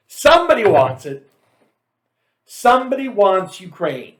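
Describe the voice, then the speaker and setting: Sarcastic high-voiced male commentator. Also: very animated, normal speed. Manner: sarcastic, reads facts aloud with mocking asides. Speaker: show host. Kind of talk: political commentary monologue.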